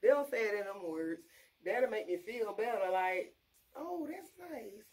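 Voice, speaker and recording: A woman, ranting casually and bluntly about her fast-food job, full of profanity. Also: mid-range voice, darkish tone. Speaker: vlogger. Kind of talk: casual rant to camera.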